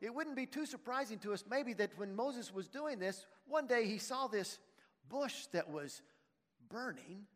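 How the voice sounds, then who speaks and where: A man's voice: high voice, animated, a little slow. A man preaching a sermon in a church, retelling a story and putting questions to his congregation. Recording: long reverb in a large hall.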